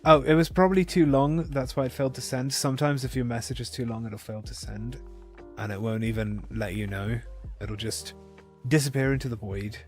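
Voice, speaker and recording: A man's voice: medium pitch, fairly even intonation, a little fast, soft background music. A man chatting casually with viewers during a live game stream, rambling and correcting himself as he goes.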